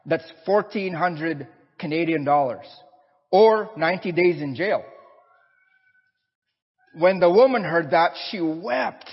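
Husky-voiced preacher telling a story. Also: male voice, a little high, slow, long pauses, big-room sound, lo-fi sound. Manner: animated storyteller. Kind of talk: sermon storytelling. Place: church.

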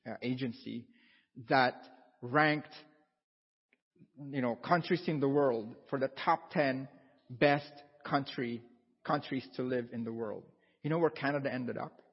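A man's voice: mid-range voice, a little slow, long pauses, husky. A man preaching a casual, conversational sermon, repeating himself and asking his congregation questions. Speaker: pastor. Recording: dull sound with long hall reverb.

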